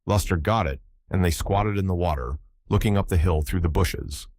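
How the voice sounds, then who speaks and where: Casting: deep male narrator, measured and steady, dry close sound. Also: no room sound. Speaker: audiobook narrator. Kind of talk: scripted literary narration.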